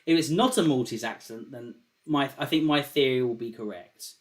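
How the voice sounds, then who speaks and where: A man hosting a call-in show in loose, casual chat. He rambles, curses freely and repeats phrases as he works through a point. His voice sits at an ordinary middle pitch. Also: normal speed. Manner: rambling, swears often, repeats himself. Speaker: show host.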